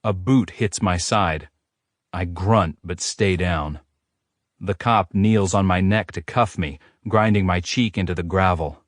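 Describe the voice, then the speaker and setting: A man narrating a romance audiobook in a steady, first-person storytelling manner. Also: low voice, unhurried, dry recording, studio quality.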